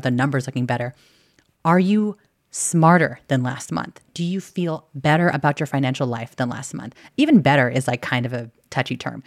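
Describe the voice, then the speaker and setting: A woman's voice: rumbling low, no echo, studio quality. A woman hosting a podcast, talking candidly and casually, swearing now and then and acting out inner voices. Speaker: podcast host. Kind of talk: casual chat.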